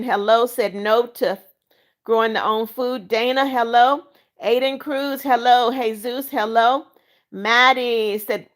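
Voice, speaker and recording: Woman livestream host, middle-aged, slightly high voice, reads comments, greets viewers one by one, firm about rules. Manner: firm and scolding when enforcing rules; warm, religious greetings to viewers. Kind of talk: reading out live chat comments.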